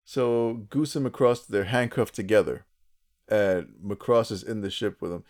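Low-voiced man recapping a cartoon. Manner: animated storyteller, quick asides, frequent laughter. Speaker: podcast co-host. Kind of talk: casual chat recapping a cartoon episode.

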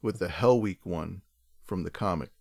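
A man co-hosting a casual chat, earnest and measured like a knowledgeable fan. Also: low voice, vocal fry, darkish tone, no echo. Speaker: podcast co-host.

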